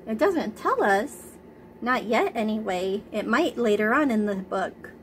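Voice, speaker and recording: A woman reading a picture book aloud to young children, gently stopping to ask them questions. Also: a little high, slight background noise.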